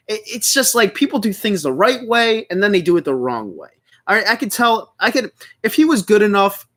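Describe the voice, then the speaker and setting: A man calling a basketball game live on his stream and breaking into heated, profane rants between the calls. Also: high-pitched. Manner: animated, swinging between calm calls and loud outbursts. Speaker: livestream play-by-play commentator. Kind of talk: live play-by-play with ranting reaction.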